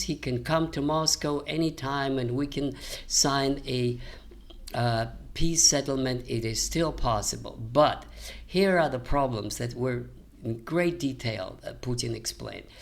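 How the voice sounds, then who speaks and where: Older man lecturing with many fillers. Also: mid-range voice. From American. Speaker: historian commentator. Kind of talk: unscripted political commentary.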